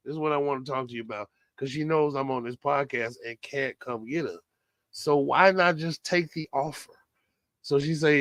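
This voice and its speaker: A man's voice: mid-range voice, normal speed, no echo. A man co-hosting a podcast, cursing freely and telling a story in casual chat, acting out quoted dialogue as he goes. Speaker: podcast co-host.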